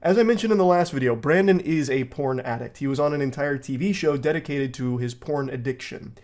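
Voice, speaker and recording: A man narrating a commentary video, reading messages aloud in a steady voice and adding dry remarks. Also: mid-range voice, a little fast.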